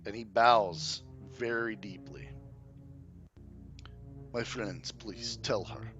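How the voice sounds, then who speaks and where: A man voicing a smooth-talking undead vampire count who pleads in a courtly, hushed way, with music underneath. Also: lowish voice, slow pace, lo-fi sound. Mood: pleading.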